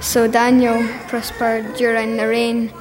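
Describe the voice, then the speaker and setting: A woman reading a Bible passage aloud in church, in a steady reading voice with a few slips. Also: on the high side, takes it slowly. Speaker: scripture reader. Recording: echoey church with room noise.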